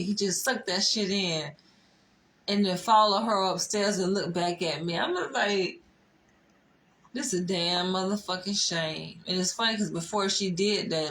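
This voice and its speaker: This vlogger's mid-range voice is a bit bright, and the audio is poor with faint noise behind it. She recounts a story with plenty of profanity, laughter, and emphatic stress.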